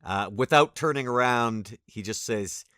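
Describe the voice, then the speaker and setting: A man playing a tabletop game, calmly describing his character's reactions. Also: mid-range voice, clear, resonant tone, no room sound, clean studio sound. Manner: slow, relaxed with fillers. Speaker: player.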